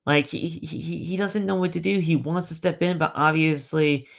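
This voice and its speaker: A man co-hosting a podcast, retelling a wrestling match in an animated play-by-play way. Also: a little high, normal speed, vocal fry. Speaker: podcast co-host. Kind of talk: casual wrestling recap. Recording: dull lo-fi podcast audio.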